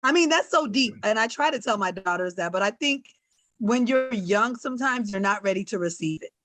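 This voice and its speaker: A woman's voice: medium pitch, animated, a little fast, a bit bright. A woman on a discussion panel, reflective, sharing a family saying as a story. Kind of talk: casual discussion.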